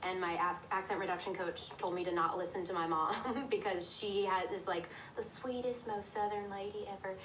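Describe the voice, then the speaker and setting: A woman's voice: medium pitch, fairly even intonation, moderate pace, few pauses, a bit bright. A young woman from Tennessee with a neutral accent, answering interview questions about herself in a breezy, self-deprecating way. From Tennessee, US South. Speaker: interviewed actress. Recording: distant clip audio, faint hiss.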